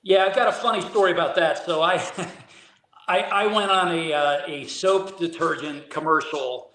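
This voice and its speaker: A man's voice: a little high, a little slow, a bit bright. A man, a guest actor and drummer, chatting casually in an interview and telling easygoing stories with lots of filler words. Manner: easygoing storyteller, frequent "you know" fillers. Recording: roomy echo.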